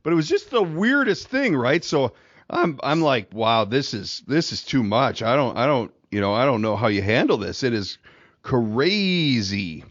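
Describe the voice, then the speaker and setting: A middle-aged man co-hosting a podcast, spinning a rambling anecdote and chuckling as he goes. His voice sits at an ordinary pitch, recorded dry and a little dull, as from a home setup. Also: big pitch swings, normal speed, a bit bright, dry recording. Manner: rambling, laughs through his stories. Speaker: podcast co-host. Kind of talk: casual storytelling chat.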